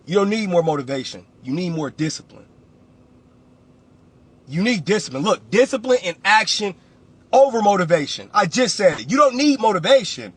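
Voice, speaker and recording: High husky man, blunt motivational talk. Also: sing-song, normal speed. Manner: blunt, preachy, repeats phrases for emphasis. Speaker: real estate investor and coach.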